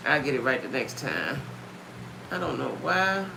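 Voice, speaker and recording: A woman's voice: rumbling low, big pitch swings, unhurried, vocal fry, music in the background. A woman hosting a casual live stream from home, chatting with viewers, greeting them by name and repeating herself a lot. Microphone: phone or webcam.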